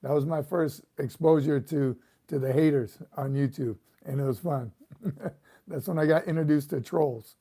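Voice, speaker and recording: A man's voice: fairly high pitch, moderate pace, vocal fry, mellow, slightly rough. A middle-aged man, a retired sergeant major, casually chatting on a livestream and reading viewer comments, chuckling and repeating words as he goes.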